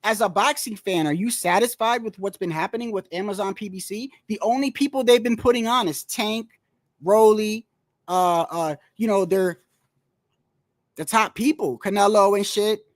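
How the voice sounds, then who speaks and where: A man's voice: high-pitched, normal speed, dry recording, studio quality. A man talking casually about boxing in a rambling, slangy, profane way. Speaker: boxing commentator. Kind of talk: casual solo boxing talk.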